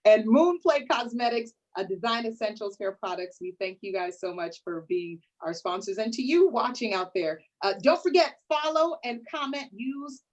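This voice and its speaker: A woman's voice: fairly high pitch, lively intonation, normal speed, few pauses, highs cut off. Sassy woman hosting a panel. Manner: sassy, playful, calls people honey. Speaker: host. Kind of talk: lively hosted panel talk.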